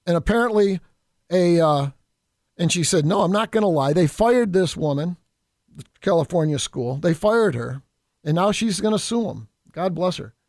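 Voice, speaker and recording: A man's voice: high voice, animated, normal speed, a little mellow, no room sound, clean studio sound. A man delivering an indignant political opinion monologue as a radio commentator, emphatic and addressing listeners as folks.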